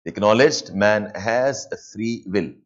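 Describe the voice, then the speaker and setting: Slow Indian English lecturer dictating notes. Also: male voice, lowish voice, muffled recording. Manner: repeats points slowly for students to write down; mixes Hindi asides into English. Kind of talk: live online lecture with dictation.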